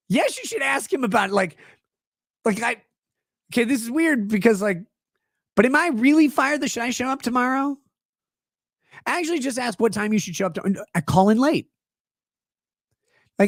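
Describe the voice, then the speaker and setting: A man's voice: extremely high pitch, very animated, moderate pace, long pauses, dry recording, studio quality. A man hosting a casual livestream, reading chat messages aloud and riffing on them sarcastically. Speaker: livestream legal commentary host.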